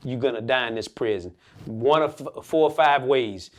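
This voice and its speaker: A man's voice: medium pitch, moderate pace. Earnest man telling his story. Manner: earnest, animated, acts out quoted speech. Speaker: pastor and guest. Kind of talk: emotional personal storytelling.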